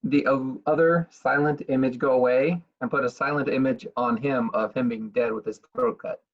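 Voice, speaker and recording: A man's voice: medium pitch, fairly even intonation, normal speed. A man playing a tabletop game, describing his moves in a casual, matter-of-fact way. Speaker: player. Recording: dull, lo-fi mic.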